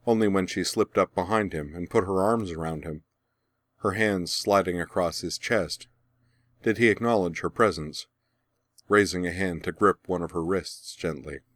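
Deep-voiced male audiobook narrator. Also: normal speed, a bit bright, dry recording, clean studio sound.

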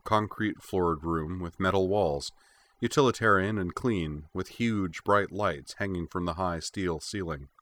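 A man narrating a fantasy audiobook in a measured, even storytelling voice. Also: sits low. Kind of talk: scripted narration.

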